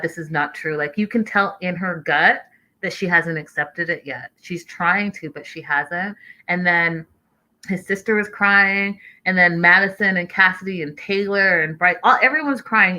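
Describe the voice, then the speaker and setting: A woman's voice: fairly low pitch, sharp tone, poor audio. A woman host talking casually through a reality show recap, reading out live chat messages as she goes.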